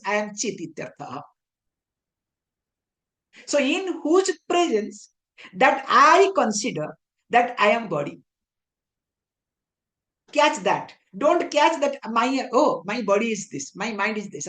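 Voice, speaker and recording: A woman spiritual teacher giving a scriptural discourse, explaining patiently with many rhetorical questions and reciting verses in chant-like phrases. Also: high-pitched. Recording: echoey room.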